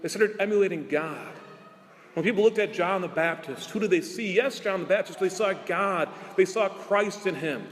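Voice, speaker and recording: A priest giving an earnest sermon, asking rhetorical questions and drawing out his key words slowly. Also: sits high, big-room sound. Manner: earnest preaching with rhetorical questions and slow emphatic endings.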